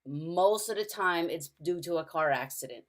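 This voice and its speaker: A middle-aged woman sharing a personal caregiving story in an earnest, storytelling way over a video call, going soft and quiet in the hardest parts. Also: fairly low pitch, animated, normal speed. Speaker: caregiver speaker. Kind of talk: personal testimony talk.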